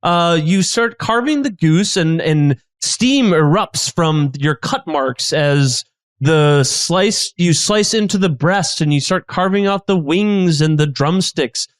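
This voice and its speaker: A man narrating an improvised comedy role-play as guest game master, quick and animated with frequent stumbles. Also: a little high, no room sound, studio quality.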